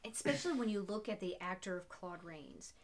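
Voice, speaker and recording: A woman's voice: fairly low pitch, animated, a little fast. A woman co-hosting a podcast, talking about an old film in a casual, enthusiastic way, full of "like" and restarts. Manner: enthusiastic, filler-heavy with many restarts. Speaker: podcast co-host.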